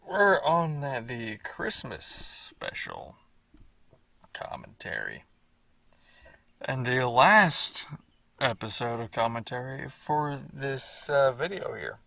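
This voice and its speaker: A man's voice: medium pitch, big pitch swings, slow pace, creaky, pushed and bright, no echo, recorded from a distance. A man giving rambling, casual commentary on his own series, repeating himself and swearing now and then.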